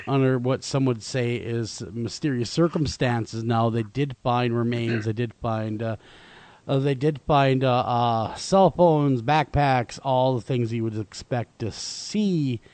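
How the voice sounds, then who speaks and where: A man's voice: medium pitch, slow pace, darkish tone, dry recording. A man hosting a talk radio show, chatting casually with many fillers and restarts. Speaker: radio host.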